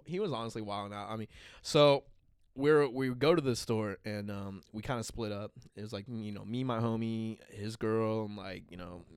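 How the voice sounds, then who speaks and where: A young man hosting a casual chat, telling animated stories full of swearing and acted-out quotes. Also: lowish voice, smooth, dry recording, studio quality. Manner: animated storytelling, heavy swearing, acts out quotes. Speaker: podcast host.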